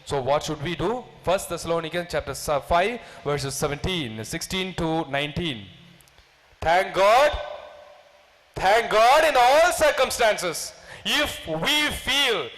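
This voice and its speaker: A man's voice: high voice, lively intonation, takes it slowly, a bit bright. A man preaching a sermon, asking the congregation questions and leading them in repeated call-and-response prayer. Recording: long hall reverb.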